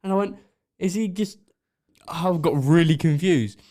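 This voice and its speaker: A man's voice: high voice, a little slow, warm tone. A man co-hosting a podcast, telling a rambling story in casual chat and giggling often. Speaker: podcast co-host.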